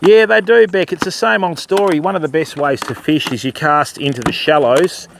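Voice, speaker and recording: A man's voice: a little high, fairly even intonation, moderate pace, gravelly, fairly bright tone, slight background noise. An older Australian man chatting casually on a riverside fishing livestream, answering viewers and calling them mate and bud. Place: outdoors by a river.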